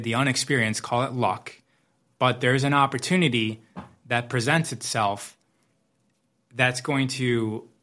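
Male coach, medium pitch, motivational monologue, reflective, repeats phrases for emphasis. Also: fairly bright tone. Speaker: business coach. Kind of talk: motivational talk.

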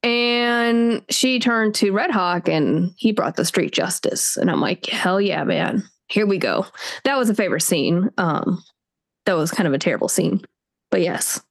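A woman's voice: mid-range voice, animated, unhurried. Chatty woman co-hosting a book talk. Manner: chatty, acts out reactions in quoted voices. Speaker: book podcast co-host. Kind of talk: casual chat.

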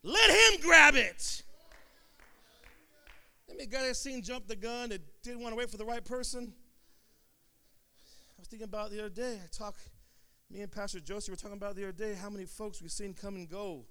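A man preaching a sermon, telling a story in a calm low voice and then building up to sing-song shouted climaxes. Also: fast talker, smooth. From Sacramento area.

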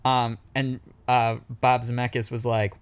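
A man's voice: medium pitch, level tone, a little slow, clear, resonant tone. Rambling man telling movie-trivia stories. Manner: rambling storyteller, acts out quoted people. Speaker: podcast co-host. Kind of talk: casual movie podcast chat.

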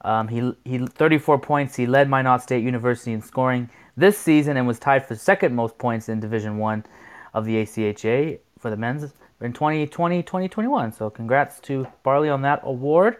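A man's voice: mid-range voice, fairly quick, clean tone. A man co-hosting a sports talk show, chatty and self-deprecating, reading out news items with some stumbles. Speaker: co-host.

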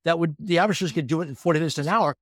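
Man in his fifties, podcast guest, quick and lively storytelling, slightly high voice, dry sound. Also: dry recording. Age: 50s. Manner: energetic, animated storytelling. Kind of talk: storytelling in conversation.

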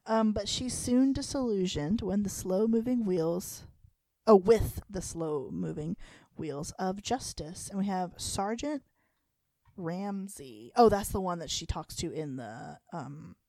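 A woman's voice: takes it slowly, gravelly, no echo. A woman co-hosting a podcast in casual chat, chatty and laughing easily. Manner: chatty, laughs often, lively pitch swings. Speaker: podcast co-host.

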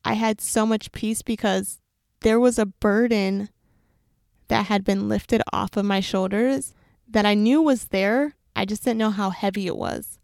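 A woman's voice: medium pitch, fairly even intonation, creaky, a little mellow, dry recording. A young adult woman telling a personal faith story in an earnest, reflective way, close to the mic. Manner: earnest and reflective, with quick runs of words. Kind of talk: personal faith testimony, casual.

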